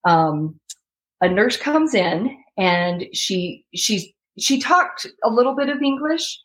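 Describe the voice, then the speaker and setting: On poor audio, a young adult American woman speaks slowly in a mid-range voice with big pitch swings. As an interview guest she tells a heartfelt personal story, acting out the voices of the people in it and laughing between lines.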